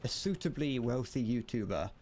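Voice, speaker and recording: A man's voice: medium pitch, lively intonation, moderate pace, a little mellow, slight background noise. A man streaming a game, chatting casually, rambling and joking with viewers and swearing freely. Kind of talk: casual gameplay commentary.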